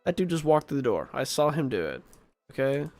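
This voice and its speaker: Male streamer, casual play commentary, frustrated and cursing, fry in the voice, dry close sound. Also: on the high side, big pitch swings, fast talker, darkish tone, no echo, faint music behind. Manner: exasperated, swearing, repeating questions. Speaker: gaming streamer.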